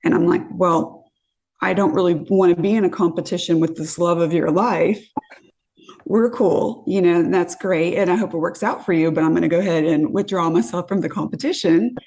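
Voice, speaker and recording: Creaky-voiced woman telling a wild date story. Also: on the low side, fairly quick. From California. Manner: animated, acts out quotes, swears when reliving it. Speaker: guest storyteller. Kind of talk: casual storytelling.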